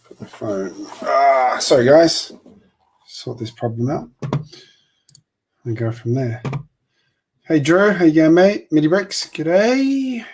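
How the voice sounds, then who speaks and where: A man's voice: medium pitch, lively intonation, takes it slowly, pauses often, darkish tone, breathy edge. A man with an Australian accent hosting a live building stream, chatting casually and rambling with filler words.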